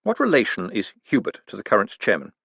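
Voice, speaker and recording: A man doing a smooth wry con man. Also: fairly low pitch, huge pitch swings, quick pace, fairly bright tone, no room sound, heavily acted. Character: smooth, quick-witted male con man.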